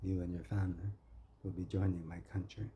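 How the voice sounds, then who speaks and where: A man's voice: low voice, level tone, a little fast, dark tone, a little hiss or hum. A man from Canada in a rambling, confrontational monologue, talking straight at someone he keeps calling friend. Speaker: vlogger. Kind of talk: ranting monologue.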